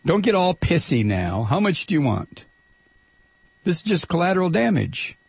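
A man's voice: a little high, sing-song, moderate pace, vocal fry, husky, no room sound, exaggerated voice. A man voicing a smug, greedy oil company executive who talks down to his listeners with sneering condescension.

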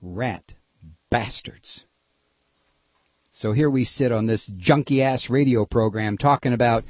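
A man hosting a talk radio show, ranting heatedly and sarcastically about politics with a husky voice. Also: medium pitch, takes it slowly, long pauses, dry recording, lo-fi sound. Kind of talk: impassioned political radio monologue.

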